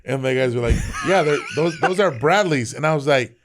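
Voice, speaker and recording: A man's voice: a little high, fairly quick, slight background noise. A man in his thirties from South Texas, a veteran guest telling army stories in casual, profane talk. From South Texas, Rio Grande Valley. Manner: animated, profane, laughs through his stories. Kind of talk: casual storytelling.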